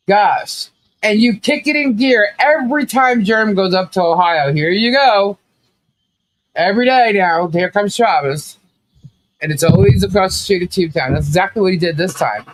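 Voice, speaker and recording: Man, high voice, podcast co-host, casual commentary, animated storytelling. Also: normal speed, low-quality recording. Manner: animated storyteller, acts out quotes with laughing asides.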